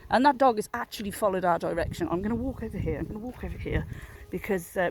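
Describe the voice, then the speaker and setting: A woman in her thirties, medium-pitched and fast, chats casually into her handheld phone camera while walking her dogs outdoors in a public area. She tells a rambling, jokey story at her own expense against a noisy background.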